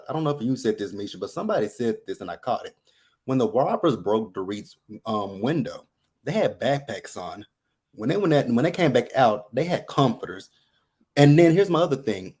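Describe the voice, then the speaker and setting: A man's voice: medium pitch, a little mellow. A man calling in to a talk show, chatting casually and making his points emphatically with a string of rhetorical questions. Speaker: caller. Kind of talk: casual chat.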